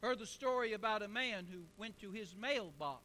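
A man in his sixties preaching with emphatic, repeated phrases and storytelling. His voice sits very high for a man. It sounds bright and forceful. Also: lively intonation, normal speed. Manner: emphatic, repetitive rhetorical delivery. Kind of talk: sermon with storytelling.

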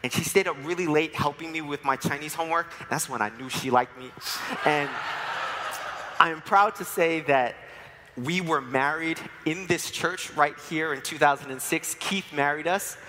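Man, 40s, from new york, sermon with personal testimony, playful storyteller, slightly high voice, long church reverb. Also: normal speed, background noise. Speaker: church speaker. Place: church sanctuary.

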